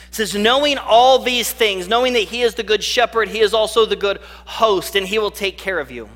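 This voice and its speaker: A male pastor with a high, bright, forceful voice delivers an earnest sermon. He drags out the lines he wants to land. His voice rings out with a long reverb, as in a large hall. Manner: earnest, slows right down on key phrases.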